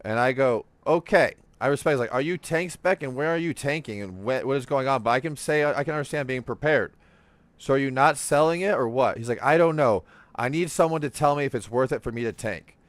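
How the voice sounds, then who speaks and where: A man hosting a gaming podcast, telling stories in casual, profane, animated chat while he plays. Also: mid-range voice, fairly quick, no room sound. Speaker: streamer and podcast host.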